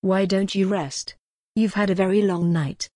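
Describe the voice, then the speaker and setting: A woman voicing a calm, soothing young man in a cult who speaks with quiet control in a gothic audiobook. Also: high-pitched, measured pace, dry recording, clean studio sound.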